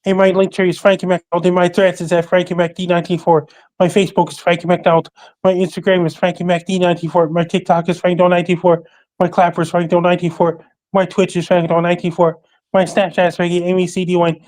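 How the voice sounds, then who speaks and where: Man reciting lists in a flat voice. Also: high voice, quick pace. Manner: flat, listing recital of facts and dates. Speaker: podcast guest. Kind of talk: casual call-in chat.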